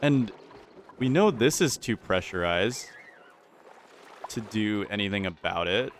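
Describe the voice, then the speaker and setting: A man's voice: fairly low pitch, expressive, a little slow, a little hiss or hum. Panicky man narrating his video game. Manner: frantic, rambling, often repeats himself under pressure. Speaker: gaming channel host. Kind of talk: let's play commentary.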